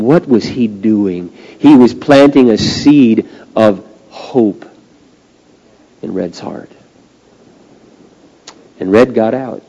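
A male pastor preaching a sermon, swinging from hushed, slow passages to loud, drawn-out climaxes. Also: lowish voice, muffled recording. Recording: long reverb of a large hall.

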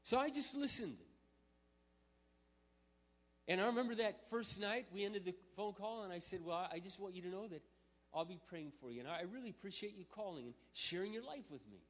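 A male pastor telling a story in a sermon, moving from quiet, intimate storytelling to loud, emphatic preaching. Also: high-pitched, expressive, fast talker. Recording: muffled sound with long hall reverb.

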